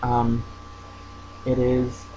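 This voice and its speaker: A young man speaking casually into his camera at home, telling a personal story with many pauses, fillers and restarts. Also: mid-range voice, completely flat delivery, dark tone, slight background noise, poor audio. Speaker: vlogger.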